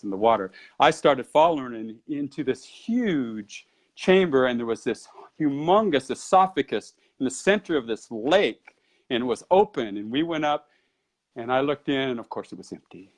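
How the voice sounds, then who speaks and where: In an interview, a male Qigong and Tai Chi teacher tells a long story from his own life. His voice sits in the mid-range, and he narrates like a lively storyteller who keeps things moving.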